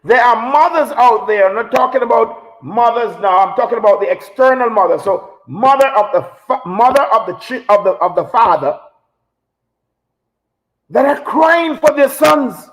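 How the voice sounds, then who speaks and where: A man with a very high voice hosts a live talk show and delivers an impassioned monologue. He talks like a preacher, hammering his points home with repetition. He sounds emotional. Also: expressive, moderate pace, fairly bright tone, rough recording. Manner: preachy, emphatic, repeats phrases for effect.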